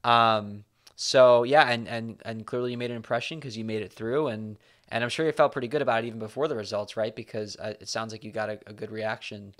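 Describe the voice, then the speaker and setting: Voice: medium pitch, fairly even intonation, fairly quick, a bit bright. An interviewer hosting a casual conversation, chatty and affirming, asking long, rambling questions. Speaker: interviewer, host.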